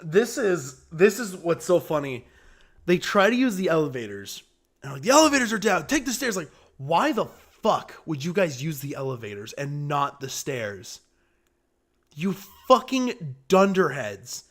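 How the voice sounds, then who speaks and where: Casting note: high-voiced male streamer, chatty and opinionated, swears freely while playing. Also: sing-song, measured pace. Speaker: gaming streamer. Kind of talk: casual gameplay commentary.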